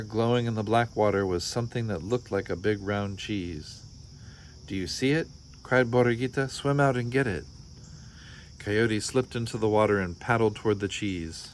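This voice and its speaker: A man's voice: on the low side, a little hiss or hum. A man reading a folk tale aloud from a picture book, telling it expressively. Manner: expressive storytelling. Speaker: storybook reader.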